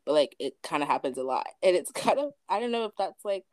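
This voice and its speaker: Young woman, quick storyteller, lowish voice, dry recording. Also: lively intonation, a little mellow, no echo. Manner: quick storytelling with acted quotes. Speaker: discussion prompt reader. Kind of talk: casual conversation.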